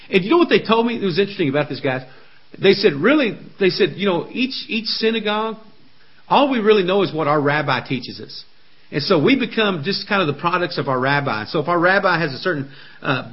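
A man preaching a sermon, emphatic, his voice climbing high when he quotes scripture. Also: breathy edge, dull audio. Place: indoor room, camera on a helper.

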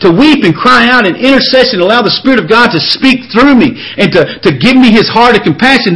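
A man's voice: very high-pitched, a bit bright, rough recording. A man preaching an impassioned sermon, reading scripture and often repeating words as he builds up. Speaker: pastor.

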